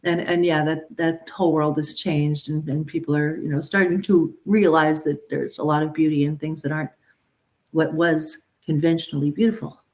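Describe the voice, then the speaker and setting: A woman's voice: deep voice, moderate pace. A middle-aged woman, a talent agent, talking casually and animatedly to a group. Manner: animated, chatty, frequent restarts and asides. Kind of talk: casual live talk to a group.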